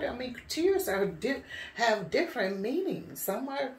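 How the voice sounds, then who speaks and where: A woman's voice: mid-range voice, very animated, moderate pace, darkish tone, slight background noise. A woman preaching an informal sermon in a conversational way, often repeating words and saying "you know.". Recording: roomy echo, voice from far off.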